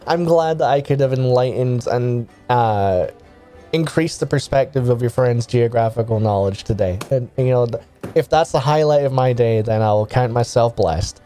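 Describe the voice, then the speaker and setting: A man's voice: mid-range voice, normal speed, dark tone, soft background music, lightly acted. A man voicing a polite, condescending female cartographer who calls people "my dear" in a sweet, patronising way.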